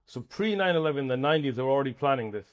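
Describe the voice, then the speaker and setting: A man's voice: mid-range voice, expressive, very fast. A man interviewing a guest, agreeing and prompting him with questions.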